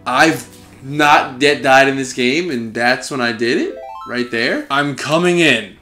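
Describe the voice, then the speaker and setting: A young man giving let's-play commentary on his own playthrough, swearing and swinging from frustrated muttering to excited yelling. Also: medium pitch, measured pace, faint music behind. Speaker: gaming video host.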